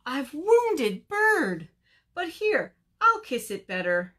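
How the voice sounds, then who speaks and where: A woman's voice: high-pitched, wildly swooping pitch, slow, sharp tone, voice pushed up, heavily acted. A woman voicing a kindly, worried young raccoon who speaks earnestly and apologetically.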